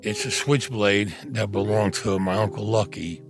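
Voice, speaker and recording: A man's voice: fairly low pitch, steady tone, moderate pace, music in the background. An older man telling a story in a blunt, streetwise way and swearing freely. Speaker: interviewee. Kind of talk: casual storytelling.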